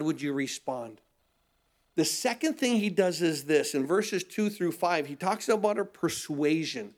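A man preaching a sermon, emphatic, often asking rhetorical questions and answering them himself, with frequent repeated words as he starts sentences. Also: sits high.

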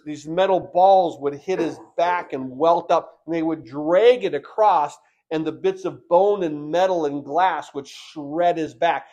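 A man preaching a sermon, reading scripture aloud and commenting on it with sudden loud bursts of emphasis. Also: on the high side. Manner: expressive preaching, bursts loud on key points.

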